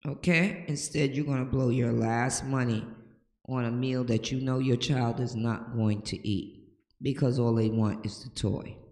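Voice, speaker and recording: An older woman talks slowly and deliberately, lecturing with emphatic, preachy conviction. Her voice rings around a roomy space with a long, lingering reverb. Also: very deep voice, steady tone, mellow. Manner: preachy, emphatic, checks in with "okay?". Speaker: home-remedy host. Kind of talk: casual advice talk to camera. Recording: echoey room with long reverb.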